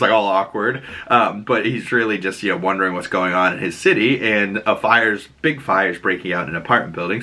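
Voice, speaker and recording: A man's voice: lowish voice, bright, forceful tone. A man hosting a casual episode breakdown, rambling with lots of fillers and acting out lines of dialogue. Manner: rambling, many fillers, acts out quotes. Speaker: host.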